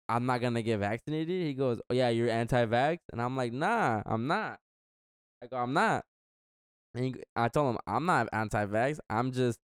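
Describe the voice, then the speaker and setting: A young man with a smooth, mid-range voice chats casually, rambling through a story and acting out what others said in slangy fashion. The recording is studio quality with no room sound.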